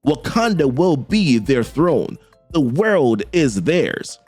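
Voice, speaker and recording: A man voicing a haughty, menacing female cult leader from a comic, drawing out her pronouncements slowly. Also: a little high, big pitch swings, darkish tone, no echo, faint music behind, heavily acted.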